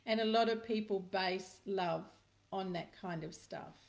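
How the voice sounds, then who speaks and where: A woman's voice: mid-range voice, unhurried, creaky. Middle-aged woman, spiritual healer, live-stream host. Casual, storytelling, emphatic. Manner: chatty storyteller, addresses viewers by name, emphatic repetitions. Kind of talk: casual live-stream talk answering viewer comments.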